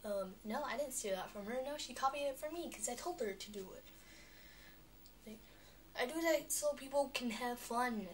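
A woman's voice: on the high side, normal speed. Young girl vlogging, chatty, lots of likes and you knows, bit of noise behind. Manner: chatty, animated, full of fillers. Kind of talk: rambling vlog monologue.

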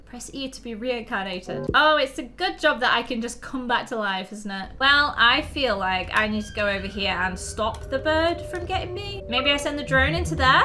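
A woman's voice: a little high, moderate pace, few pauses, music in the background. A young woman hosting a horror game let's-play, chatty and playful, joking aloud and talking to the things on screen. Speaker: gaming video host. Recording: steady background noise.

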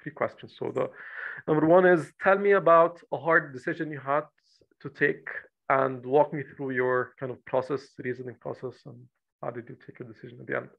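A man hosts an interview podcast, asking his guest questions. He hesitates often, restarting phrases and filling gaps with "uh". His voice has a gravelly rasp, and the recording sounds dull and lo-fi. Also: mid-range voice, fairly even intonation, brisk. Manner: hesitant, restarts, many "uh" and repeated "right". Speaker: podcast host.

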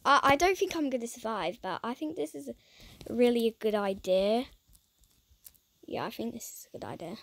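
A woman giving casual gameplay commentary, dramatic and excitable, who keeps talking to her viewers and often drops into a whisper. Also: on the high side, normal speed, creaky. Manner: excitable and dramatic, swinging between squeals and whispers; chats to viewers while playing. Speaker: gaming channel host.

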